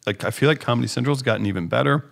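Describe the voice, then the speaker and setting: A man's voice: mid-range voice, very fast, gravelly. A man co-hosting a live podcast, interviewing a guest in a friendly, encouraging way and laughing easily. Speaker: podcast co-host. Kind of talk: casual chat. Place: bar lounge.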